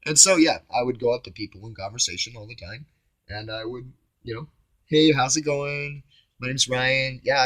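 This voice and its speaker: A man rambling through a spiritual self-reflection, musing aloud, with his voice shifting between loud and hushed. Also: on the low side, no echo. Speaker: vlogger. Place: home on Maui.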